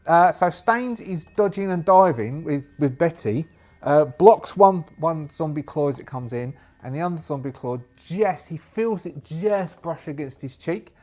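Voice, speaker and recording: A man's voice: on the high side, expressive, a little slow, a little mellow. A man narrating a solo tabletop game, chatty and rambling, laughing to himself. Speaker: game master.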